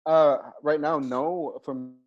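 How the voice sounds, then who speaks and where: An Egyptian man, a comedian appearing as an interview guest, talks slowly in a slightly high voice. He's an animated storyteller who acts out his stage routine and swears freely during the casual chat. The video call audio is muffled and lo-fi.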